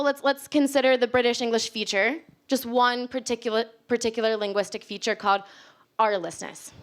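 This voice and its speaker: A young American woman giving a casual public talk on linguistics to a live audience, chatty and laughing often. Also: on the high side. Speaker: linguistics speaker. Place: library event space with live audience.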